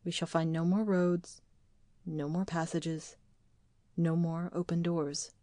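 A woman reading an audiobook, voicing a grim man named Oscar who speaks of hell slowly and bleakly. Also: lowish voice, level tone, warm tone, no room sound, studio quality. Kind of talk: audiobook dialogue.

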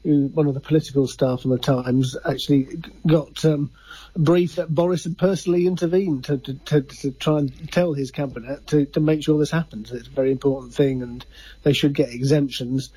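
A man's voice: medium pitch, steady tone, moderate pace, dark tone, husky, dry recording, low-quality recording. A man who is a sports journalist, hesitant, repeating words as he explains a story.

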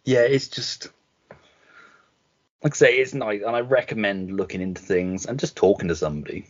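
A man's voice: fairly low pitch, steady tone, normal speed, slightly rough, lo-fi sound. A man co-hosting a podcast over a video call, chatting candidly, swearing and laughing through his stories. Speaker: podcast co-host.

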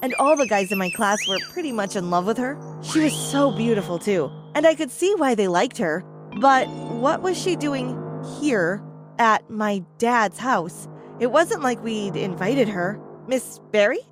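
A woman tells a dramatic first-person story for an animated video, with plenty of exclamations. Her voice sits slightly high, and music plays under it. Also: a little slow. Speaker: narrator. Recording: narration over background music.

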